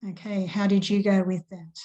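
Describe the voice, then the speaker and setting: A woman teaching an online grammar lesson to schoolchildren, patient and measured, stressing syllables slowly as she recites. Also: mid-range voice, level tone, warm tone, highs cut off.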